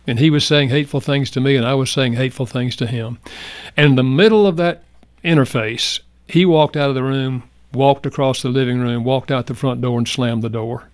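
An older man telling a personal story as a guest in a radio interview, speaking earnestly and reflectively, going soft at the tender parts. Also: medium pitch, fairly even intonation, a little fast, clean tone, no echo. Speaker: guest, marriage counselor.

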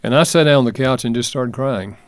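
An older man, an author and guest, telling a personal story in an earnest, gentle and measured way during an interview. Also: mid-range voice, no echo, studio quality.

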